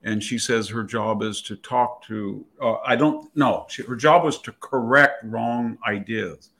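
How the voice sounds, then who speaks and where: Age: 60s. Gravelly older man. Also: medium pitch, a little slow, fairly bright tone. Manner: rambling, self-correcting. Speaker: guest commentator. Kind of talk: storytelling in conversation.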